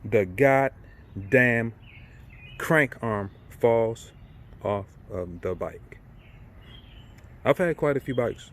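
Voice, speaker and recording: A man's voice: fairly low pitch, a little hiss or hum. Irate man ranting to camera. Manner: irate, repetitive, swears and asks "right?" often. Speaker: vlogger. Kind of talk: casual ranting monologue.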